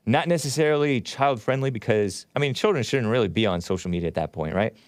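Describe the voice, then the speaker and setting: A man's voice: medium pitch, lively intonation, quick pace, no echo. A man hosting a livestream show, talking casually and rambling, often spelling names out letter by letter. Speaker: show host.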